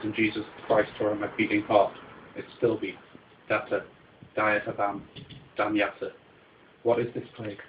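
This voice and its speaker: Low-voiced man performing incantatory poetry. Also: lo-fi sound, a little hiss or hum. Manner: dramatic, incantatory, repeating refrains. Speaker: poet. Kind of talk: live spoken-word poetry performance.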